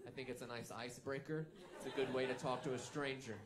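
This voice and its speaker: A man doing a stand-up comedy set, telling stories deadpan with bursts of mock outrage. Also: medium pitch, fast talker, a crowd in the background. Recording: live stand-up set with audience.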